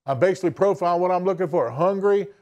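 A man's voice: high-pitched, quick pace, darkish tone, muffled recording. A man, giving a blunt, folksy motivational talk to an audience. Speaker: business speaker addressing an audience. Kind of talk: motivational speech.

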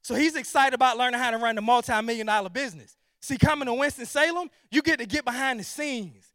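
A man giving an energetic, preachy motivational sales presentation, full of rhetorical questions and repetition. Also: extremely high pitch, fast, no echo, clean studio sound. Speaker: sales team leader.

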